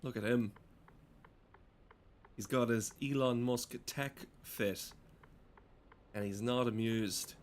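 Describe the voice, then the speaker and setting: A man's voice: mid-range voice, takes it slowly, pauses often. A man giving rambling, casual gameplay commentary, swearing freely. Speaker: gaming streamer. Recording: steady game engine noise behind.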